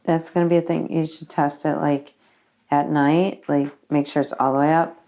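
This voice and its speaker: A woman with a low, gravelly voice talks offhandedly with her partner on a ghost investigation. Her tone is dark and mellow, and she drops wry jokes as she goes. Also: level tone, moderate pace. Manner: joking, offhand. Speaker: paranormal investigator. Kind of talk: casual chat during a ghost investigation.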